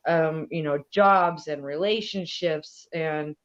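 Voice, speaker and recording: A woman's voice: deep voice, takes it slowly. A woman speaking as an elder guest on a podcast, talking in a thoughtful, rambling way with many fillers. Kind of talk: casual interview conversation. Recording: dull lo-fi audio.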